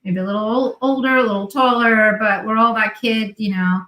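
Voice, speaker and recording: A woman's voice: a little high, brisk. A woman with a New Jersey accent, a guest on a video call, telling stories and acting out the dialogue. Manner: animated storyteller acting out quoted dialogue. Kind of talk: casual chat. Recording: echoey room.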